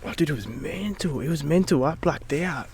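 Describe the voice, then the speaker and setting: A man's voice: a little high, expressive, moderate pace, darkish tone, slightly rough. A young adult man, a podcast guest, telling a personal story in casual chat, swearing freely and dropping into whispers for his inner thoughts.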